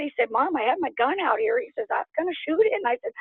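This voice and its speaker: A woman from Oklahoma telling her story as an interview guest in casual storytelling, animated and laughing, acting out what others said. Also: high voice, very fast, hardly any pauses, husky, no room sound. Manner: animated, laughs often, acts out quotes. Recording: tinny phone line.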